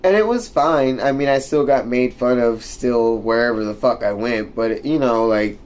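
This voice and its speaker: A man's voice: mid-range voice, moderate pace, darkish tone. A young man ranting and telling stories casually, rambling and swearing a lot with many fillers. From United States. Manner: rambling, profane, full of fillers. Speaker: streamer. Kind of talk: casual storytelling rant.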